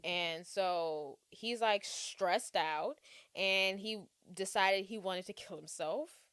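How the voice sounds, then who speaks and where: A woman co-hosting a podcast, chatting casually about a film, animated, laughing often and breaking into song. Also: mid-range voice, slow, smooth, no echo, clean studio sound. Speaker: podcast co-host. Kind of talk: casual movie discussion.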